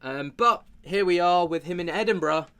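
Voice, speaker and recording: A man's voice: high voice, moderate pace, fairly bright tone, clear, resonant tone. A man hosting a commentary vlog, talking in a chatty, rambling way with many fillers. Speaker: commentary channel host.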